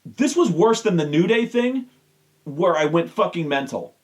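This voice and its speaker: Guy ranting and cussing, high voice, swings all over. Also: very animated, a little slow. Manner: exasperated, heavy swearing. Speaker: show host. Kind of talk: profane rant.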